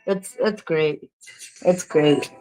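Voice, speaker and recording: A woman's voice: low-pitched, slow, warm tone, soft background music, low-quality recording. A woman vlogger from New Mexico chatting casually to the camera, candid, swearing freely and laughing often.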